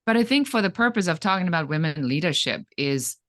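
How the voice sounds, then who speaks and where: A middle-aged businesswoman from Germany recounts her comeback as an interview guest. Her delivery is animated and dramatic, with pitch jumping up when she acts out what people said. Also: quick pace. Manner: animated, dramatic storytelling with acted-out quotes. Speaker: guest, entrepreneur. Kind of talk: storytelling in an interview.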